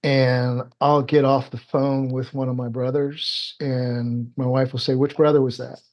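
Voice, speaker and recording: A man's voice: mid-range voice, level tone, a little slow, muffled recording. A man from Indiana, a guest poet, chatting casually on a podcast, laughing often and restarting his sentences. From US Midwest, Indiana.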